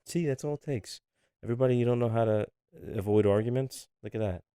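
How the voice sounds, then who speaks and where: A man's voice: medium pitch, fast talker, mellow, clean tone, no echo, clean studio sound. A man co-hosting a podcast, chatting casually and joking with his partner. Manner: laid-back, joking. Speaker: podcast co-host. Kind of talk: casual chat.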